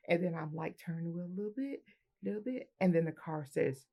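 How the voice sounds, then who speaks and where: Woman, military veteran, personal anecdote, gravelly voice, lively, laughs often. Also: lowish voice, normal speed. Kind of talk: personal anecdote told to camera.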